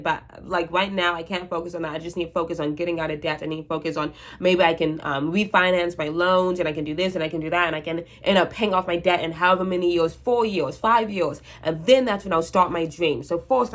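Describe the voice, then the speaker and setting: A woman's voice: fairly low pitch, fairly bright tone. A woman in her twenties talking to camera in a rambling, anxious casual monologue, with frank swearing and many restarts. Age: 20s. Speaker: vlogger.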